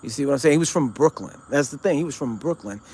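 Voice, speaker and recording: Speaking quickly in an animated, husky, slightly mellow voice of medium pitch, a show host describes an encounter he had. The casual storytelling wanders, and he keeps using fillers and starting sentences over.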